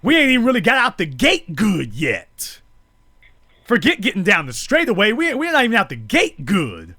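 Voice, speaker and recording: A man with a high, bright voice delivers a fiery live monologue. His pitch swings widely as he hammers each point home in repetitive, preachy build-ups. The sound is close and dry. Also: huge pitch swings, moderate pace, dry recording. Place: streamed live.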